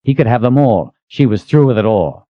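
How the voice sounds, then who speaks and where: A man narrating a fantasy audiobook in a steady, expressive read, on a dull lo-fi recording. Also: moderate pace, dry recording. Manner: steady, expressive reading with lively pitch.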